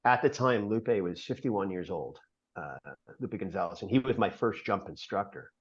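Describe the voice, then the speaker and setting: Middle-aged guy on a podcast, lowish voice, lots of ums and uhs, kinda muffled audio. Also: lively intonation. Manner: earnest, halting storyteller with many fillers. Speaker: podcast guest. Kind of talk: storytelling interview.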